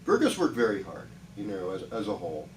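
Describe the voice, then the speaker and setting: A man's voice: fairly low pitch, sing-song, a little fast, echoey room. Guy chatting through the weekly horoscope, keeps restarting, sounds a bit far from the mic, faint hum. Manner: chatty, reassuring, rambling with restarts. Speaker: astrologer.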